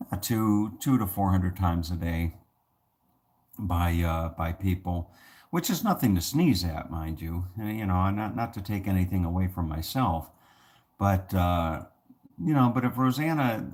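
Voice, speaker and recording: A man's voice: deep voice, darkish tone. A man talking to camera in a casual, rambling vlog, full of fillers and restarts. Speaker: vlogger.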